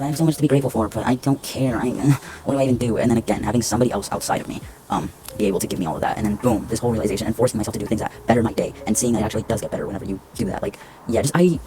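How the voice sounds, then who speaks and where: A young man vlogging to camera indoors at home, rambling and swearing, with lots of fillers and restarts. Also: on the low side. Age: young adult. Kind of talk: casual rambling talk to camera.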